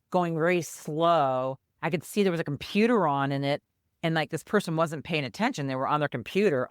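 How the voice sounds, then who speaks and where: A woman's voice: low-pitched, clean tone, dry recording, studio quality. An older woman, a podcast co-host, telling a personal story and acting out the voices of the people in it. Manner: animated storyteller who acts out quoted voices.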